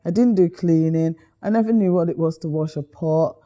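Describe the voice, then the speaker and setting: A middle-aged woman from Guyana, a guest chatting casually in an interview, telling stories lively and acting out the voices she quotes. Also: on the low side, normal speed.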